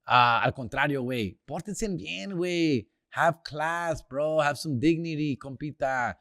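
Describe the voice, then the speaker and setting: A man's voice: a little high, unhurried, a bit bright, dry recording, clean studio sound. Slangy man ranting about sports. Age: older. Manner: slangy, profane, mixes Spanish words into English. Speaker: comedian hosting a sports segment. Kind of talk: casual sports rant.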